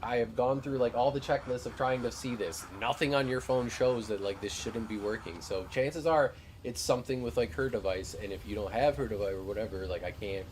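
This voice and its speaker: A man's voice: medium pitch, brisk, hardly any pauses, darkish tone, slight background noise. A young man streaming a game, telling a profane, ranting story in casual chat.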